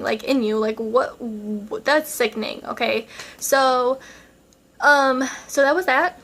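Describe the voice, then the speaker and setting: A woman's voice: on the high side, slow, a bit bright. A young woman vlogger telling a dramatic storytime in a chatty style, full of fillers. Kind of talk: casual storytime.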